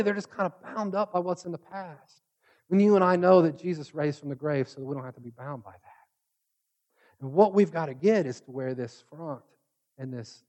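Guy with a high voice preaching, chatty storytelling sermon, does little voices for quotes. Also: darkish tone. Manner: conversational, acts out quoted voices. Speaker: pastor.

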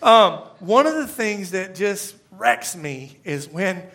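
A man's voice: sits high, big pitch swings, slow pace, fairly bright tone. A middle-aged man preaching an earnest, emotional sermon with scripture readings. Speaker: pastor.

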